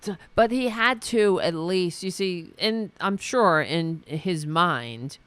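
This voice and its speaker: On his one-man political commentary show, this host delivers an angry, sarcastic, profane rant, frequently breaking off and starting sentences over with fillers. His high voice is expressive, a bit bright, and smooth, with no echo.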